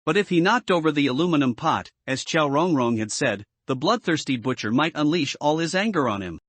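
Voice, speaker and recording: A man reading a scripted horror comic recap in a steady, even storytelling manner. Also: fairly high pitch, brisk, no room sound. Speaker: narrator.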